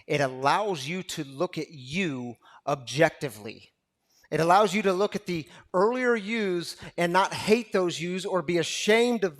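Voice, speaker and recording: A man preaching a sermon to a recovery gathering, impassioned and repetitive, swinging from loud to hushed. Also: fairly high pitch. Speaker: pastor.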